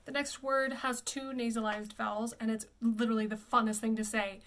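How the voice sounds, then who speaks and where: A fairly high-pitched woman teaching pronunciation as a voice coach. She sounds out each word with care, slowing down and saying it again so the listener can copy it. The tone is plain and instructive. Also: flat delivery, fairly bright tone. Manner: models each word slowly and repeats it. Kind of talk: pronunciation lesson.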